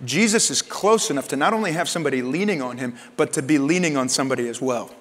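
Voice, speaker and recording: A man's voice: medium pitch, quick pace. A man preaching in a reverberant hall. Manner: conversational, acts out quoted lines in lively voices. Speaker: pastor. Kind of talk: sermon. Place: church sanctuary. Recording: long reverb of a church hall.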